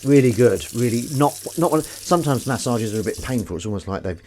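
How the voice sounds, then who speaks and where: A man's voice: medium pitch, expressive, brisk, darkish tone, slight background noise. A man hosting a livestream, chatting casually and making self-mocking jokes while doing the washing up. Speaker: livestream host.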